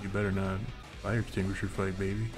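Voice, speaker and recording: Young man, comedic gameplay commentary, crude jokes, lowish voice, game music. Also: fast. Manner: joking, crude, excitable. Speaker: let's play commentator.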